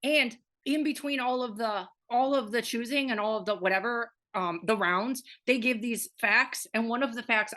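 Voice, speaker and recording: A young woman co-hosts a podcast, chatting casually and animatedly and swearing freely. Her mid-range voice is bright and forceful.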